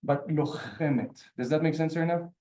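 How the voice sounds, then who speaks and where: A man teaching a class in a classroom, with a raised, mellow voice. He explains patiently and step by step and keeps checking that his students are following. His delivery is unhurried and methodical. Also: fairly high pitch. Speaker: Hebrew teacher. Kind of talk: classroom lesson.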